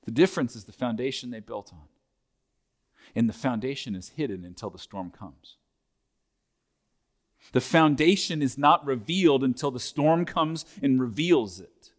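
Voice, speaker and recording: A man's voice: mid-range voice, expressive, normal speed, long pauses. Man preaching an earnest sermon. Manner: earnest preaching, building intensity through repeated phrases. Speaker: pastor.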